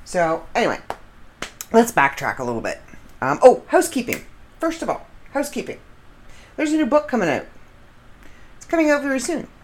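Chatty middle-aged American woman, lively. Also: mid-range voice. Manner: rambling, chatty, laughs at her own stories. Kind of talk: casual monologue storytelling.

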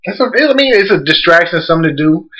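Male podcast host, bright voice, a bit congested, blunt and profane. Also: a little high, big pitch swings, fast talker, rough recording. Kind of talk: casual podcast chat.

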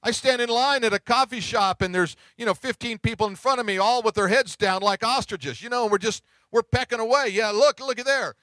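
A middle-aged man pastor giving a sermon, telling stories in a conversational way and dropping to hushed tones at tender moments. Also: extremely high pitch, brisk, few pauses, no echo. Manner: conversational storytelling preaching, drops to hushed tones.

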